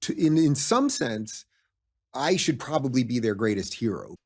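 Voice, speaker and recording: Interview guest, man; mid pitch, gravelly fry, earnest, halting restarts. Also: big pitch swings. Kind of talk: conversational interview.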